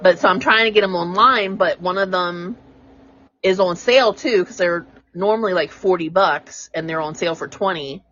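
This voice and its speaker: A woman's voice: lowish voice, normal speed, a bit bright, lo-fi sound, slight background noise. A woman co-hosting a casual podcast, telling rambling stories and laughing often. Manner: rambling storyteller, laughs easily. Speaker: podcast co-host. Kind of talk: casual chat.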